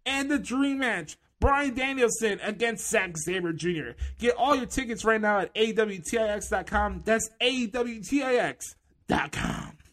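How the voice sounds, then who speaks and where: Booming wrestling announcer, as a man puts him on. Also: animated, unhurried, fairly bright tone, full character voice. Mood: hyped. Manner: booming promo delivery. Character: hyped-up male wrestling TV announcer plugging matches.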